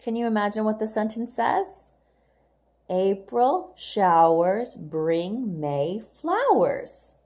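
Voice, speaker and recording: A woman walks young learners through their homework in a slow, measured voice. She speaks each word clearly and repeats it so the children can follow along, with the patient cadence of a classroom teacher. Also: medium pitch, big pitch swings, darkish tone. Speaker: English teacher.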